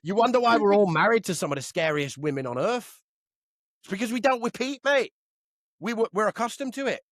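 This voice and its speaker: Lively man, swearing banter. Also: sits high, a little fast, dry recording, clean studio sound. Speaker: podcast co-host. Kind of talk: casual chat.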